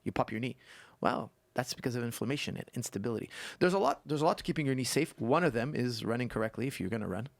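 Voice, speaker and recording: Fast-talking animated man coach. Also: mid-range voice, vocal fry, no room sound. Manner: animated storyteller who explains by repeating points. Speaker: guest martial arts coach. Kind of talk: casual podcast conversation.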